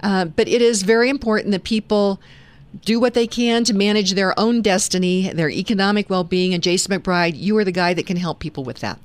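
A woman's voice: mid-range voice, fairly quick. A woman hosting a talk radio show, chatting conversationally with fillers and restarts. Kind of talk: conservative talk radio chat.

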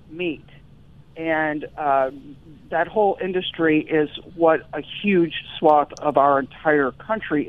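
A woman's voice: low voice, no echo. A woman guest on talk radio, speaking sarcastically and joking with some laughter. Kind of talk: talk radio phone-in commentary. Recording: tinny phone line.

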